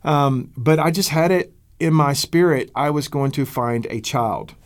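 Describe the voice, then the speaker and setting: A middle-aged American man, a pastor, telling a story in an interview in an earnest, halting way, with fillers and repeated words. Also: on the high side. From United States.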